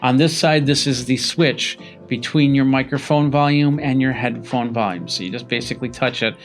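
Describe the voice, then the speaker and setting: A man's voice: mid-range voice, moderate pace, faint music behind. A man, a tech reviewer, casually demonstrating a product and explaining each step as he goes, speaking close into a studio microphone. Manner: explanatory, walks through steps with fillers. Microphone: studio podcast mic close to mouth.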